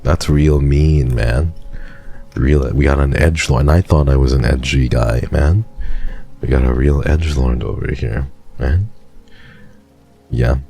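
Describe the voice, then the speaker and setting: In a casual live stream, a man with an extremely low, dark, mellow voice and a gravelly fry reads and answers his chat. He speaks unhurriedly with long pauses, playfully teases viewers and thanks them often. Faint music plays underneath.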